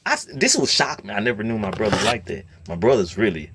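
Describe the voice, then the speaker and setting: A man telling a long story in a casual rant, slipping between low muttering and loud outbursts. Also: expressive, fast talker, noisy background. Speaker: storyteller host.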